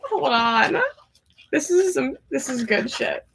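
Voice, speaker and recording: High, lively young woman chatting on a livestream. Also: slow, gravelly, noisy background. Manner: chatty, giggly, excitable, with frequent laughs. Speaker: livestream host. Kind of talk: casual live chat. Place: at home.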